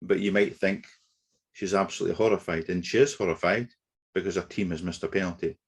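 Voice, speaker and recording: A man giving a webinar lecture on negotiation, explaining in a measured way with occasional fillers. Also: low-pitched, fairly even intonation, slightly rough. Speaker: negotiation trainer. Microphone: webinar computer mic.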